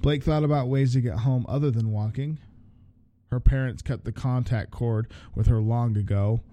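A man reads a story aloud, then breaks off into sarcastic, swearing asides. His voice is very dark and mellow, at an average pitch. The recording is dry and close. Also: fairly even intonation, moderate pace, dry recording. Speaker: reader. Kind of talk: reading fan fiction aloud with joking commentary.

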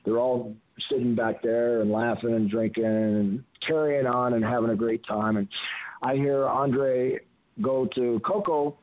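An older man calling into a show, spinning a long, rambling road story full of restarts and asides. His voice sits at an ordinary middle pitch. It comes through a thin, tinny phone line. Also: steady tone, unhurried, no room sound. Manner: rambling anecdotes with frequent restarts. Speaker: guest, retired wrestler. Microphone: telephone.

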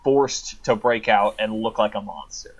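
A man's voice: on the low side, unhurried, husky. Man retelling a film, dull lo-fi sound. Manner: thoughtful, retells plot at length. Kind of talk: casual chat.

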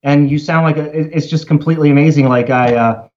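A man's voice: fairly high pitch, fast, darkish tone. A man with a Baltimore accent hosting a casual chat, rambling and joking with lots of fillers. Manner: rambling, jokey, many fillers. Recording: slightly dull lo-fi audio.

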